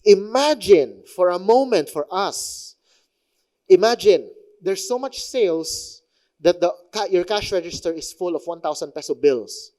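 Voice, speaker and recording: A man's voice: sits high, lively intonation, a little slow, dark tone. A young man with a Filipino accent preaching a sermon in a chatty, conversational way, mixing in local phrases. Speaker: pastor.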